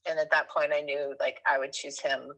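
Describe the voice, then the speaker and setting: A woman in her thirties, appearing as a guest, tells a personal story in a relaxed, animated way, wandering off track with fillers and correcting herself. Her voice is low and a bit quick, and the audio quality is poor.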